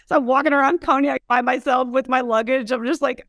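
In a fairly high voice, an American whiskey entrepreneur in her thirties rattles quickly through her story with hardly any pauses in a casual interview. She's animated, leans heavily on "like" and acts out quotes, and the studio-quality recording has no echo.

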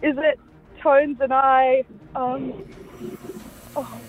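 A woman's voice: sits high, flat delivery, extremely slow. A woman calling in to a radio quiz, guessing hesitantly. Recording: tinny phone line with music.

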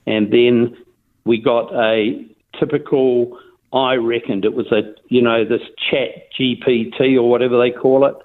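A man's voice: medium pitch, steady tone, a little slow. An older man with a New Zealand accent, telling his story in a casual phone interview, rambling with restarts and fillers. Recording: tinny phone line.

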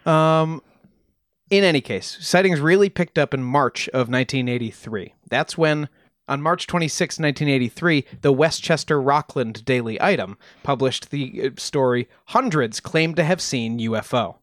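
A man's voice: medium pitch, normal speed, no room sound, clean studio sound. Casual man retelling a story. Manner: relaxed, with frequent ums and restarts. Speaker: podcast host presenting research.

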